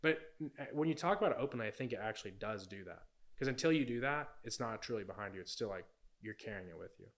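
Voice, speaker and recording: Fast-talking young man telling his story. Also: on the low side, expressive, fairly bright tone. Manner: rambling, fills talk with "like" and "you know". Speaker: podcast guest. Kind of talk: casual storytelling.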